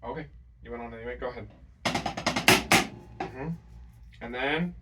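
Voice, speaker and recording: A man teaching a drum lesson, counting and scatting the rhythms out loud. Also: mid-range voice, moderate pace, over loud music. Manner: counts and scats rhythms aloud. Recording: far from the mic, drums playing loud.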